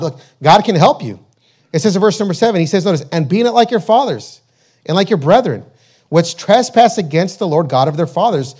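High-voiced emphatic male preacher. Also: a little mellow. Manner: emphatic, repetitive preaching, reads scripture slowly. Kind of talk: sermon.

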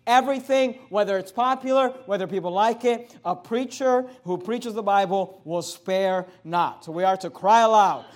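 A male pastor preaching a sermon, moving between loud emphatic lines and softer, lowered asides.

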